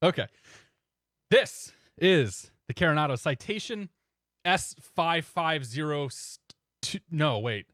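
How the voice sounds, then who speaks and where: A man streaming a flight simulator, chatting casually and in a relaxed way with viewers, often chuckling. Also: fairly high pitch, slow pace, dry recording, studio quality. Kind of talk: casual live-stream chat.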